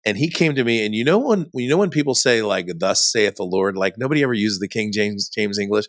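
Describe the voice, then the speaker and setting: A man's voice: medium pitch, fast, no echo, studio quality. Chatty middle-aged man telling a story. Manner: animated, chatty, says "dude" and "like" often. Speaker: podcast guest. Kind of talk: casual storytelling.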